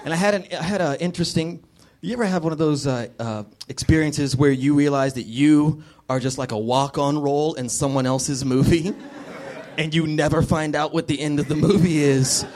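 A man performing stand-up comedy in a club, telling a story in an animated way and slipping into voices. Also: fairly high pitch, normal speed. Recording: live club with crowd and noise.

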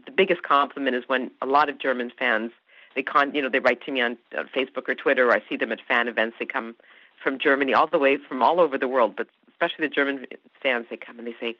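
The woman's voice is extremely low and steady in tone, and she talks fast with no echo. As an actress guest raised in Canada with Hungarian as her mother tongue, she chats effusively and laughs frequently in a casual interview, recorded with a dry, slightly dull podcast quality.

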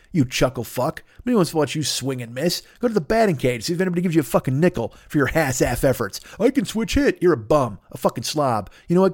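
A middle-aged man hosting a podcast, ranting angrily with constant swearing and acting out both sides of an argument in quick voices. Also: on the high side, darkish tone, no echo, studio quality. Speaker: podcast host. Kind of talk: profane ranting monologue.

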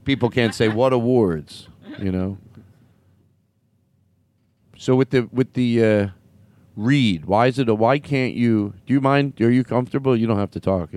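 A man's voice: medium pitch, normal speed, pauses often, a little mellow, dry recording. A man hosting a comedy show who teases his guests and keeps interrupting them. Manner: playful, teasing, interrupting. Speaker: host. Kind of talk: comedic podcast banter.

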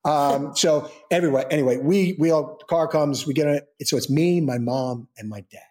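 A man's voice: a little high, normal speed, a little mellow. A middle-aged man telling a long personal story as an interview guest, rambling with many fillers and restarts.

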